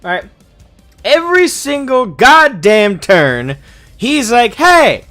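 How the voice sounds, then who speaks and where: Guy commenting on his strategy game, high bouncy voice, music low behind. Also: sing-song, takes it slowly, bright, forceful tone. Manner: playful, mumbling to himself while playing. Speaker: gaming channel host. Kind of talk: casual let's-play commentary.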